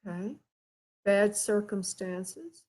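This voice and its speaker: A woman hosts a live psychic reading, her voice a bit husky and breathy. She talks in halting bits with frequent pauses and fillers, gently calling her caller "honey" or "love". Her pitch sits in an ordinary middle range. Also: rough recording. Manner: halting, pauses often, addresses caller with endearments. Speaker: psychic medium host.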